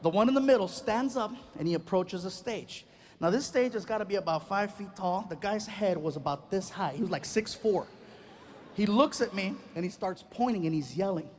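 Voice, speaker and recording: On stage doing stand-up, a man tells a lively story and imitates the voices of the people in it. He speaks at a normal speed in a high-sitting voice.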